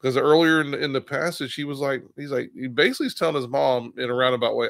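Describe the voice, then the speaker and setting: A man's voice: mid-range voice, fast talker, vocal fry, a bit bright, no room sound. A man co-hosting a casual Bible study discussion, rambling and acting out quotes with bursts of laughter. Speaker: co-host of a Bible study show.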